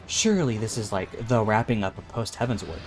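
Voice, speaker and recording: A man's voice: on the low side, animated, fairly quick, slight background noise. A man streaming a video game, chatting casually, musing aloud and reading game lines. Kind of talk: casual let's-play commentary. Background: game music.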